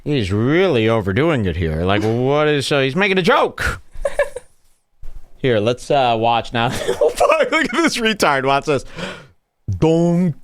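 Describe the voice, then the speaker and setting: A man's voice: medium pitch, big pitch swings, measured pace. A man hosting a podcast, mocking clips he plays in a crude, rambling way. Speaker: podcast host. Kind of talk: casual commentary over clips.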